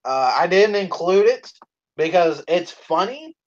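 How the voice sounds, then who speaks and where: A man chatting casually on a live stream, his voice sitting a bit high for a man. He swears freely, laughs often and shouts out the lines he quotes. The sound is dull and lo-fi. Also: big pitch swings, unhurried. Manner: profane, laughing, acts out quoted lines loudly.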